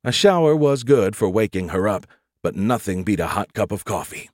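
This is a steady, measured audiobook narration by a man whose voice runs fairly low. The sound is clean studio quality, with no echo at all.

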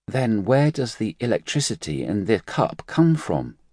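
A man's voice: on the low side, sing-song, measured pace, a little mellow, no echo, clean studio sound, voice pushed up. A man doing a bewildered, curious time-traveler. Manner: inquisitive, earnest.

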